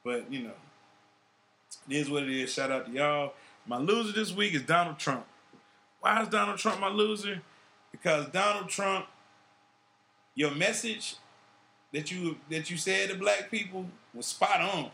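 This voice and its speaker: A man hosting a loose podcast chat, talking in a bright, forceful voice pitched a little high. He swears constantly and uses street slang, with an animated, joking delivery. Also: normal speed, gravelly, pauses often. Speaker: podcast host. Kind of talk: casual profane chat.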